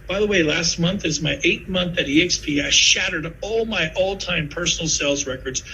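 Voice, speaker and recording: A man in his fifties giving a sales pitch to fellow real estate agents, telling stories with lively asides. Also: normal speed, hardly any pauses, a little hiss or hum, poor audio. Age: 50s.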